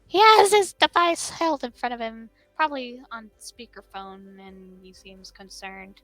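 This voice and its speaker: A young woman reads a story aloud, expressive and giggly, her high, bright voice bouncing widely in pitch. It is recorded close and dry, with faint music underneath. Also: measured pace, no echo, rough recording. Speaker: streamer reading a fan story. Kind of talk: reading a story aloud with friend.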